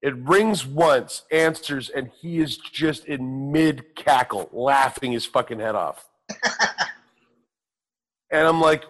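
On a talk show, a middle-aged man with a medium-pitched, slightly bright voice slowly and casually tells a profane story at his own expense, acting out what the other people said.

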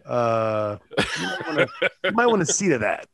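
A man's voice: medium pitch, big pitch swings, normal speed, a bit bright, dry recording, clean studio sound. A man co-hosting a podcast over a video call, chatting casually and cracking jokes in a mock courtroom manner. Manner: jokey, slips into mock courtroom speech. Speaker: podcast co-host. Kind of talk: casual chat.

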